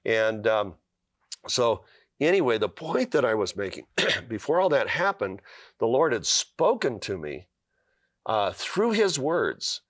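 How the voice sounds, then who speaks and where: A man's voice: medium pitch, very animated, a little slow, a bit bright, no room sound, clean studio sound. A middle-aged man, a guest author, telling a personal story in an earnest way on a talk show, with fillers and restarts.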